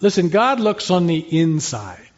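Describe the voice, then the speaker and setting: A man's voice: sits high, big pitch swings, measured pace. A man preaching an expository sermon in an earnest, conversational way, asking and answering rhetorical questions. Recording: slightly dull, lo-fi sermon recording.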